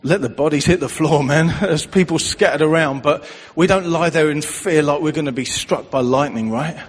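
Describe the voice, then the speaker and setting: Husky-voiced preacher in a reverberant hall. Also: male voice, a little high, normal speed. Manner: soft, heartfelt, lingering on repeated phrases. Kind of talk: emotional sermon. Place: church hall.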